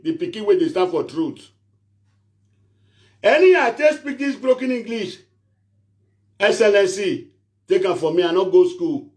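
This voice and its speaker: A man with a high-pitched voice and a strong Nigerian Pidgin accent delivers a preachy, repetitive rant straight to his followers. He hammers the same phrases over and over and then turns to pleading. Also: darkish tone. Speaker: social media prophet and show host. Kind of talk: animated rant to camera.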